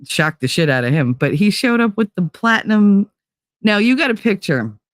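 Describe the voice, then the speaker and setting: A woman's voice: mid-range voice, very animated, moderate pace, no room sound, clean studio sound. Salty New woman telling stories. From New Jersey. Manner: profane, laughing, rambling storyteller. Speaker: podcast host. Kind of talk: casual storytelling chat.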